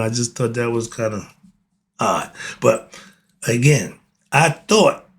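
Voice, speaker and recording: A man, giving a casual, blunt monologue, often laughing and asking and answering his own questions. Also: on the high side. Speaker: host of a philosophy talk channel.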